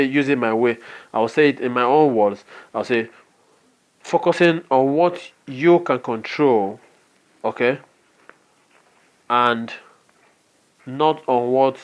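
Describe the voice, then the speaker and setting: A man's voice: medium pitch, clear, resonant tone. A man with a Nigerian accent giving a motivational business training talk, earnest and often checking in with "okay?". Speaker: network marketing trainer.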